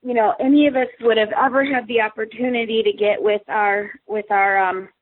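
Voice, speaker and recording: A woman's voice: fairly high pitch, a little fast, slight background noise. A woman guest telling a story in casual chat, acting out what people said. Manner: lively, acts out quoted dialogue. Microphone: phone. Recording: tinny phone line.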